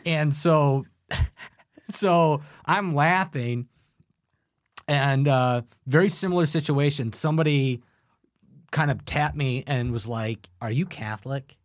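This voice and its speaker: A man telling funny stories as a guest on a podcast, animated and quick to laugh. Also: on the high side, no room sound, studio quality. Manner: animated storyteller, laughs often. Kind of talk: casual chat.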